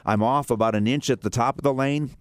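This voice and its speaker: A man's voice: mid-range voice, fast, clean tone, dry recording, studio quality. A man hosting a radio talk show, speaking earnestly in a rambling way, with many restarts and fillers.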